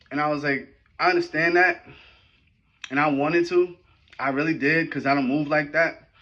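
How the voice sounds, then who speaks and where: A man hosting a podcast tells a personal story in a loose, slangy, animated way, often asking his listeners if they follow him. His voice is bright and forceful at a middle pitch. The recording sounds a little dull and lo-fi. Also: moderate pace, long pauses. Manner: animated, slangy, rambling with frequent "right?" and "you know what I'm saying". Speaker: podcast host. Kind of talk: casual storytelling talk.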